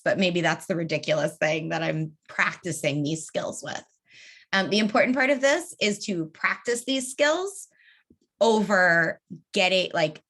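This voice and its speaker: A woman's voice: low-pitched, fairly bright tone. Casual woman leading an online training. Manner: casual, conversational, acts out example dialogues. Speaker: organizing trainer.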